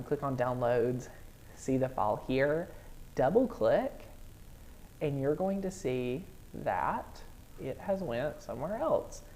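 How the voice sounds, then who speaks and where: Lady teaching crafting software live, low mellow voice, bubbly and chatty. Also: slight background noise. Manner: bubbly, excitable, greets chat viewers. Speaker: host of a live crafting tutorial. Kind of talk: live-stream software tutorial.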